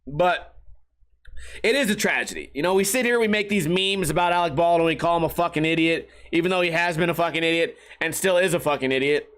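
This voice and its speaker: High-voiced man riffing profanely. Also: a little fast. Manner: profane, rambling, animated storytelling. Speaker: podcast host. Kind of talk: casual comedic monologue.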